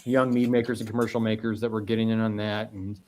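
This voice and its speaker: This Northwest Indiana meadery owner, appearing as a podcast guest, speaks fast in a fairly low, flat voice with a darkish tone. The conversation is casual, and he tends to ramble, repeat words, and restart frequently.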